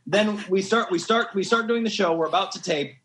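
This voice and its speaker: A fairly high-voiced man telling a story as a podcast guest. He talks with excitement, laughs often and wanders into asides. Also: brisk, slight background noise. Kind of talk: animated storytelling.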